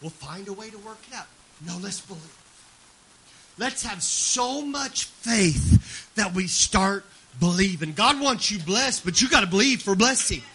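A man preaching a sermon, swinging from soft confiding talk to loud shouted preaching and often repeating words as he tells stories. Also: high-pitched, lively intonation, unhurried, slightly rough. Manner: repeats words and restarts when emotional.

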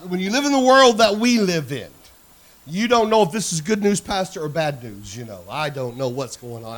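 A male pastor telling a story in a sermon, moving from quiet narration to shouted preaching and calling out to the congregation. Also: high-pitched. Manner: calls out to the congregation. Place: church sanctuary.

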